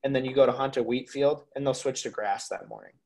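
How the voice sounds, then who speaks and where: Animated young man telling hunting stories. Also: mid-range voice, fast, gravelly. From Minnesota. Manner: animated storyteller, swears freely, lots of "like" and "dude". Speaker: podcast guest, waterfowl hunter. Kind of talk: casual podcast interview.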